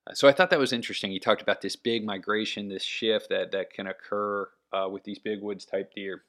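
A man talks on his own in a loose, unscripted way, circling back with fillers and restarts. His voice sits a little low and stays bright and forward. The delivery is fairly even, with little rise and fall. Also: fairly quick, few pauses. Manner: rambling, many fillers and restarts. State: has the hiccups. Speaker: hunting podcast host. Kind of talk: casual solo talk.

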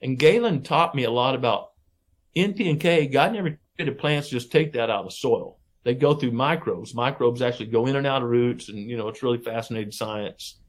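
A man's voice: mid-range voice, brisk. Folksy middle-aged man telling stories. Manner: folksy, animated storyteller who acts out quoted people. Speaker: podcast guest, wildlife researcher. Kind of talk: casual storytelling interview.

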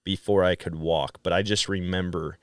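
A middle-aged man from Wisconsin, a podcast guest who tells stories in a casual, animated way and acts out quoted dialogue. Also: low voice, normal speed, smooth, dry recording, clean studio sound. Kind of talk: casual storytelling chat.

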